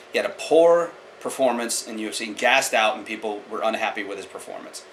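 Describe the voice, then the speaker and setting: Male martial-arts vlogger, bright forceful voice, blunt opinion talk with a faint hiss behind. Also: mid-range voice, rough recording. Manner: blunt, opinionated, talks to the viewer directly. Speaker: martial arts channel host. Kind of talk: casual opinion commentary.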